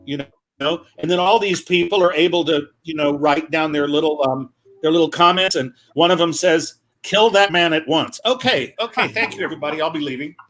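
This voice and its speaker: A male comedian on a video call, telling stories in a lively chatty way with quick asides. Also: on the high side, soft background music. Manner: animated, quick asides, acts out quoted voices. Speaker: comedian guest. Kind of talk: casual comic storytelling.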